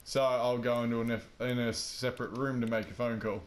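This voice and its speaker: A man's voice: mid-range voice, flat delivery, brisk. A man telling a rambling, self-deprecating story in casual chat while he plays a game. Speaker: gaming vlogger.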